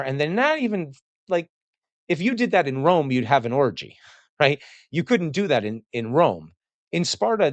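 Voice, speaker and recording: A man's voice: fairly high pitch, dry recording. A man giving casual, digressive commentary on a classical text he reads aloud, laughing often and slipping into mocking voices for quotes. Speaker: host reading and commenting on classics.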